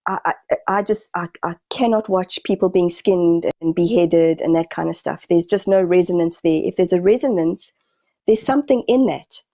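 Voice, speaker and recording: A woman speaks with a warm, mellow tone on a dry, close recording. She talks as a podcast guest and healer. Her sentences often stall and start over while she gropes for the right words. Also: mid-range voice, no room sound. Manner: halting, searching, frequent restarts. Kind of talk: podcast conversation.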